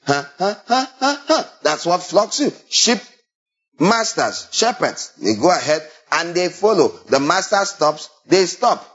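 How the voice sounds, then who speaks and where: A man preaching a sermon, animated and full of rhetorical questions, now and then imitating sheep and shepherd calls. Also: high voice. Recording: dull lo-fi recording.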